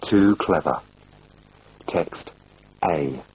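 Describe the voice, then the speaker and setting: A man reading a textbook lesson aloud in a clear, deliberate way. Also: deep voice. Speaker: lesson narrator. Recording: dull lo-fi recording.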